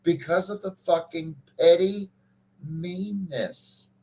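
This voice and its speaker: A man's voice: high voice, fairly even intonation, takes it slowly, a little mellow. A man co-hosting a casual podcast chat, ranting with profanity and frequent restarts. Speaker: podcast co-host.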